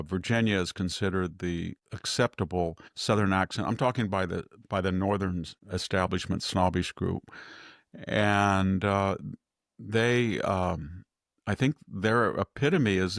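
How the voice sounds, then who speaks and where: Podcast commentator, male, very low gravelly voice, rambling delivery, dry close sound. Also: dry recording. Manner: rambling, with frequent restarts and quoted asides. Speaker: guest commentator.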